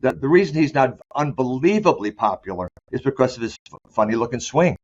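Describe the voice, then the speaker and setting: A man being interviewed as a sport psychologist, talking candidly and loosely, often restarting his sentences and slowing down to stress key words. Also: mid-range voice, slight background noise. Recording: dull lo-fi sound.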